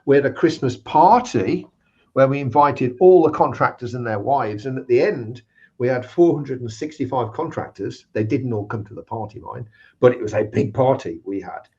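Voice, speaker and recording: A man's voice: mid-range voice, moderate pace, warm tone. A man telling work anecdotes in casual chat and acting out the people he quotes. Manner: anecdotal, acts out quoted voices. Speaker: guest speaker on recruitment. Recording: slightly dull lo-fi sound.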